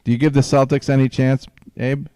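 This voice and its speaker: A man's voice: medium pitch, level tone, brisk, dark tone, dry recording. A man hosting a podcast, musing and rambling through casual sports chat. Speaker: podcast host.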